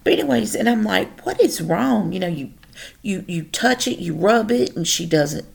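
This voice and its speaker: A woman's voice: medium pitch, animated, normal speed, creaky. A woman hosting a podcast alone, chatting and rambling through personal stories, swearing casually. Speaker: podcast host. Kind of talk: casual solo storytelling monologue.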